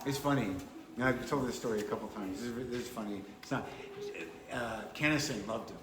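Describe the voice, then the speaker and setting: A man's voice: mid-range voice, fairly quick. A man, a comedian, telling stories in a wry, dry, rambling way during a casual chat. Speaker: comedian guest. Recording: echoey room with crowd noise.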